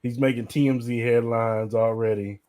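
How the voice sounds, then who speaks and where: A man's voice: mid-range voice, steady tone, normal speed, dark tone. A young man co-hosting a podcast, giving blunt, slangy opinions in casual chat. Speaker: podcast co-host.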